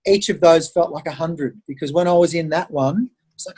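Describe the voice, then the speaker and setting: A middle-aged Australian man, a podcast guest, telling stories in an animated, conversational way and acting out the voices of the people he quotes. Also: a little high, fast talker, husky. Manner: animated storyteller who acts out quoted voices. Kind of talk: conversational interview storytelling.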